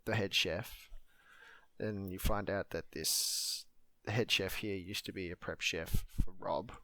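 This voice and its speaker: A man with a low, deep voice recounts a movie scene by scene in relaxed, swearing podcast chat. The sound is dry and close, with no room around it, and faint clicking behind. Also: takes it slowly, no room sound. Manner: loose, profane storytelling. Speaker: podcast co-host. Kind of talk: casual movie recap chat.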